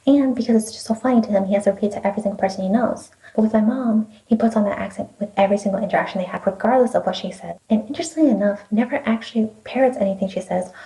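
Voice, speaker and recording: Fast-talking sarcastic young woman ranting. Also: mid-range voice, mellow, poor audio. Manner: sarcastic, profane, heated; drops into whispered asides. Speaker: vlogger. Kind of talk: ranting storytime.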